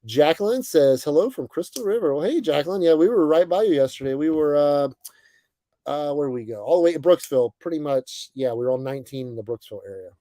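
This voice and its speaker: A young man hosting a casual livestream, greeting viewers by name and chatting in a relaxed, friendly way with plenty of fillers. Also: a little high, fast, dry recording. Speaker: livestream host. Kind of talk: casual chat reading viewer comments. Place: bus, indoors.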